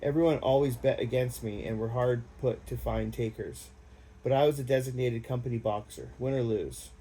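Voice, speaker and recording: A man's voice: medium pitch, normal speed, warm tone, a little hiss or hum, rough recording. A man giving an amateur reading of a war memoir in a plain, unpolished way. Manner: plain, unpolished, casual asides. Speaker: audiobook reader.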